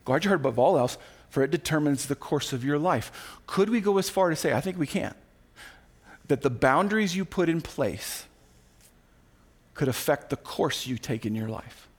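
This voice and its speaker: A man preaching with a lively, swooping delivery and a fairly high voice for a man. He talks like a pastor in conversation with the room, acting out the people he quotes and slipping in quick asides. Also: breathy edge. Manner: animated, acts out quoted voices with asides and laughs. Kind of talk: sermon. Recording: recorded sermon audio.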